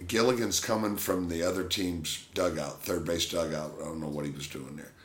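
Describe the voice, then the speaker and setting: Lower-voiced man telling lively anecdotes. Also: normal speed. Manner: animated anecdote teller, laughs often. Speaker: former pro baseball catcher, guest. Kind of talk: casual storytelling interview. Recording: roomy echo.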